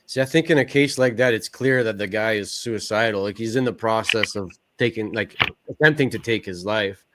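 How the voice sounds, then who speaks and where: A man's voice: on the low side, moderate pace, a bit bright, slight background noise. A man hosting a podcast interview, asking thoughtful and personal questions. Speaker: podcast host.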